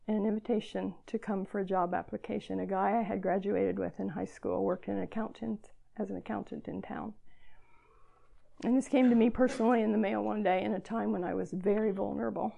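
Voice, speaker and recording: Older woman over sixty, earnest homespun preacher with a gravelly voice and a mellow tone. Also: medium pitch, steady tone, moderate pace. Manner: earnest, self-deprecating, emotional at times. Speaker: speaker addressing girls at church gathering. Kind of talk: sermon.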